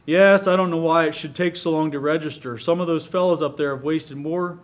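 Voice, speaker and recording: A man's voice: fairly high pitch, steady tone, brisk, lightly acted. A man voicing a worried, mild-mannered farmer. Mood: troubled. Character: worried middle-aged farmer, patient and mild.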